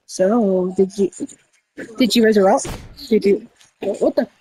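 A woman doing casual game role-play over voice chat, rambling with restarts and breaking into sudden high shouts. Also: a little slow, a little hiss or hum, poor audio. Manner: rambling, with many restarts and y'all. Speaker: roleplayer running a candy store character.

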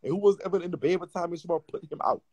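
A man's voice: high voice, racing, highs cut off, crowd noise. A man hosting a livestream, worried and scolding the people on the other end. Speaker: livestream host. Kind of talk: livestream chat.

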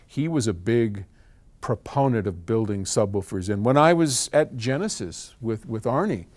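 An older man, founder of an audio company, casually answers a viewer's question, chatty and prone to wandering off on tangents and laughing at himself. His voice is on the low side, animated and a little mellow, at normal speed.

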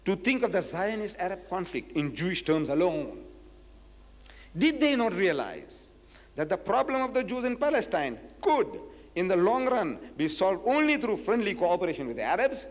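A man's voice: high voice, very animated, moderate pace, in a large hall. A man giving a public lecture, reading quotes from a book and pressing his point with emphatic rhetorical questions. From South Africa. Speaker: Islamic lecturer.

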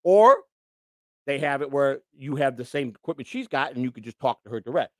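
A middle-aged man holds forth on his livestream in an indignant, rambling rant. He stumbles through restarts and swings from loud outbursts to low mutters, in a mid-pitched voice recorded close and dry. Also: expressive, a little fast, no room sound. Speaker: livestream host. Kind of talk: ranting livestream monologue.

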